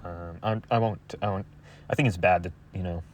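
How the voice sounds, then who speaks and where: A young man talking to his viewers in a crude, rambling monologue, halting with many fillers. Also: low voice, fairly even intonation, slight background noise.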